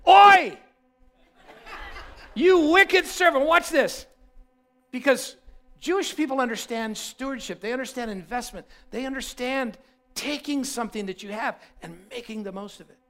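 Male pastor, high pitch, emphatic sermon storytelling. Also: normal speed. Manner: animated storytelling, repeats himself for emphasis.

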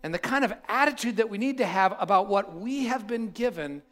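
Male pastor, high pitch, emphatic sermon storytelling. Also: a little fast. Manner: animated storytelling, repeats himself for emphasis.

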